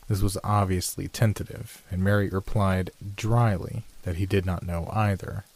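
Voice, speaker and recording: A man reading a classic ghost story aloud, in measured storytelling narration. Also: steady tone, creaky, darkish tone. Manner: measured storytelling, lifts pitch for dialogue. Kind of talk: scripted audiobook narration.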